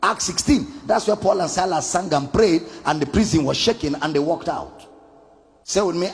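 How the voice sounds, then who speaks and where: High, lively, gravelly preacher. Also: male voice, moderate pace, long reverb tail. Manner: emphatic, repetitive, sing-song preaching cadence. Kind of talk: sermon.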